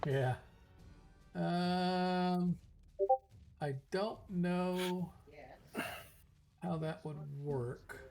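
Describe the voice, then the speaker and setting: A man's voice: high voice, fairly even intonation, extremely slow, long pauses, darkish tone, faint music behind. A man running an online tabletop game as game master, casual and hesitant, often laughing.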